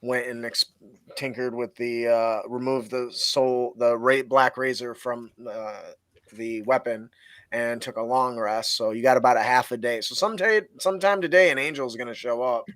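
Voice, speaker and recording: A man running a tabletop game as game master, explaining slowly with many fillers and restarts. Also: mid-range voice, fairly even intonation, a bit bright, no echo. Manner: halting, filler-heavy explaining.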